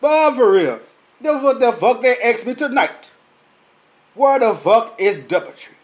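A man's voice: extremely high pitch, very animated, a little slow. A tipsy man delivering a profane comedic rant, swearing constantly and mimicking other people's questions. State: tipsy, sweating. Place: lively night venue with drinks.

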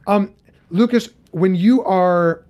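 A man's voice: sits high, takes it slowly, a little mellow. A man hosting a casual interview over a video call, talking with many fillers and restarts. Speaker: interview host.

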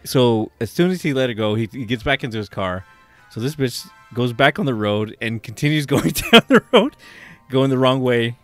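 A man's voice: mid-range voice, big pitch swings, moderate pace, fairly bright tone, no room sound, faint music behind. A man co-hosting a casual podcast, telling profane, rambling stories and laughing along. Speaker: podcast co-host. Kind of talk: casual chat, reading odd news.

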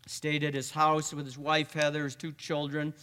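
A man with a slightly high, bright and forceful voice tells a personal story to a gathering. He stumbles and restarts often, repeating words as he goes. His voice carries a long reverb that lingers around the hall. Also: monotone, moderate pace, smooth. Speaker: speaker.

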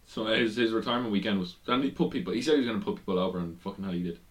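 A man with a fairly low voice rambles through a casual wrestling chat. He fills it with ums and restarts and swears now and then. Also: rapid-fire. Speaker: podcast co-host.

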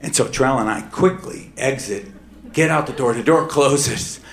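A middle-aged man telling a personal true story on stage, emphatic and swinging between hushed and heated. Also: mid-range voice, moderate pace.

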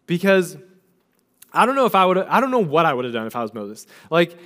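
Man, young adult, pastor, sermon, fairly high voice, casual storytelling, animated paraphrase. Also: fairly quick. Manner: casual storytelling, retells scripture in everyday chatty paraphrase; animated, acts out the figures' words in his own voice.

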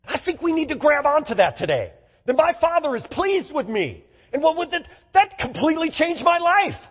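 A middle-aged man, a pastor, preaching a sermon in an animated, emphatic way in a church. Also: extremely high pitch, normal speed, in a large hall, muffled recording. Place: church sanctuary.

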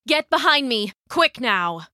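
A woman's voice: a little high, big pitch swings, slow pace, no echo, clean studio sound, pitched above the performer's own voice, heavily acted. A woman doing a fierce woman soldier. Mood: commanding. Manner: commanding, shouting orders.

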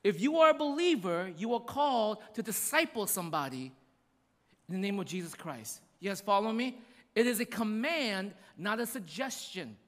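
A man delivering a sermon into a microphone, his high voice swinging widely as he hammers home the same lines again and again. He breaks off now and then to talk straight to the crowd. A long echo hangs on every phrase from the big hall. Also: sing-song, moderate pace, fairly bright tone. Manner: emphatic preaching with repeated refrains; conversational asides to the congregation. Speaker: pastor. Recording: echoey hall reverb.

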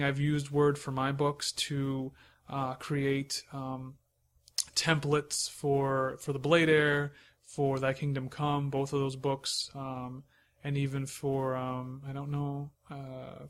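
A man hosting a podcast, giving relaxed, conversational advice drawn from his own experience as an author. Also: mid-range voice. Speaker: podcast host and self-published author. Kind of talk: casual advice talk.

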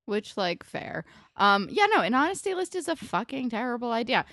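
A woman co-hosting a podcast, chatting casually and bluntly with swearing and quick asides. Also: on the high side, very animated, a bit bright, no echo, studio quality. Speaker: podcast co-host. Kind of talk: casual recap chat.

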